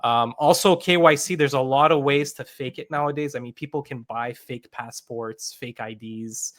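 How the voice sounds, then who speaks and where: A man's voice: medium pitch, moderate pace, fairly bright tone. A man, a game founder, explaining his game in a live interview, with many fillers and restarts. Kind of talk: interview answers.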